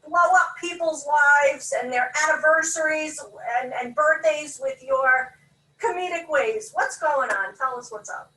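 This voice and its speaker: A woman's voice: high-pitched, measured pace, bright, forceful tone, echoey room, distant mic, low-quality recording. A woman hosting a talk show, introducing and interviewing a guest in an enthusiastic, laughing manner. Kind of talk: upbeat interview.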